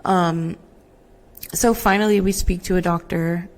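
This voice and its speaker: An earnest young woman telling her own story as a podcast guest, candid and unguarded. Her voice sits a little low for a woman. She talks in a loose, casual way, full of "like" and "literally". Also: steady tone, measured pace. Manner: earnest, uses "like" and "literally" often.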